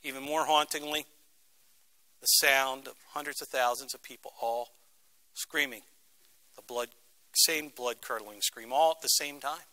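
A man's voice: medium pitch, fairly even intonation, measured pace, pauses often, sharp tone. A middle-aged man from Philadelphia, speaking as a guest lecturer to students and telling a story with dramatic emphasis. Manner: dramatic, acts out quoted voices. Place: university lecture room.

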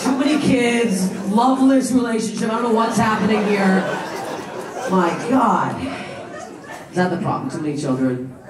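A woman's voice: mid-range voice, moderate pace. A woman comedian doing brash, profane, teasing crowd work on a club stage. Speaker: stand-up comedian. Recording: echoey live club from a distant mic. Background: loud laughing crowd.

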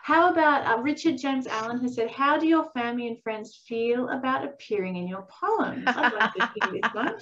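A woman's voice: fairly high pitch, expressive, normal speed, hardly any pauses, fairly bright tone. A middle-aged woman hosting a book launch, reading out audience questions with effusive enthusiasm and frequent laughter. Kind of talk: moderating a Q&A. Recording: dull lo-fi video call audio.

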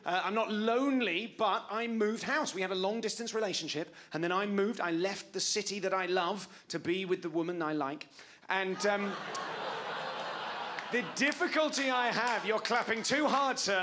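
A man's voice: sits high, normal speed, noisy background. A man in his forties doing a stand-up comedy set on a club stage, wry and self-mocking, talking back to the audience. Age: 40s.

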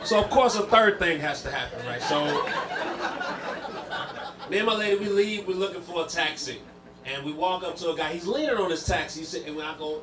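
A man's voice: on the high side, fairly quick. A man performing a stand-up routine, telling stories with punchy, repeated punchlines. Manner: animated storytelling, punchy repeated lines. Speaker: stand-up comedian. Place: comedy club stage. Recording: live club, audience laughter. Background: audience laughter.

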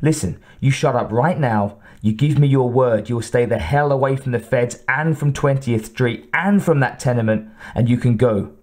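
Male narrator voicing angry bellowing police captain, audiobook, mellow dark timbre, pitched up when he shouts. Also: normal speed, hardly any pauses, lightly acted. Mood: furious. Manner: bellowing, growling.

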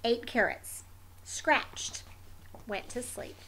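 Brief: stubborn carrot-loving wombat, read by a woman, terse deadpan diary lines, slow, lively pitch, storybook. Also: heavily acted. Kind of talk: picture book read aloud.

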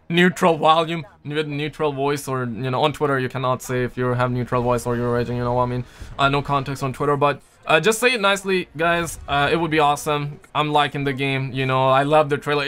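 A man's voice: fairly high pitch, quick pace, pushed and bright, smooth. A young man hosting a gaming livestream, chatting casually and jokingly with viewers, reading their messages in loose slang. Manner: loose, jokey, slangy, lots of "man" and "dude". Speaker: livestream host. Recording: faint music behind.

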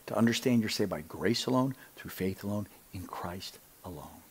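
A man teaching on scripture in an animated preaching style. He talks emphatically, often asks his listeners whether they see his point, and drops to a hushed voice to stress a line. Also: on the low side, moderate pace, breathy edge. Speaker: Bible teacher.

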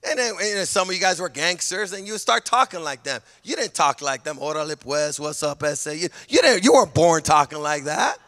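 A man from California, a pastor preaching a sermon with emphatic delivery that often rises to a shout. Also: sits high, lively intonation, fairly quick, few pauses, long reverb tail. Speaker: senior pastor.

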